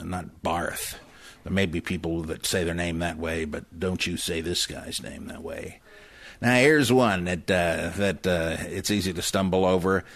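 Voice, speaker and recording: A man with a very low voice talks through his subject in a dry, wry way, full of fillers and spelled-out words. The sound is close and dry, with no room around it. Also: fairly bright tone, no echo. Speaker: lecturer on biblical studies. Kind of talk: casual spoken commentary.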